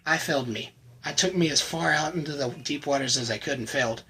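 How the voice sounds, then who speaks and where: A man giving an earnest, emotional personal faith testimony to the camera, often halting and repeating words. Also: on the high side, pushed and bright, breathy edge, rough recording. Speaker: channel host sharing his recovery testimony.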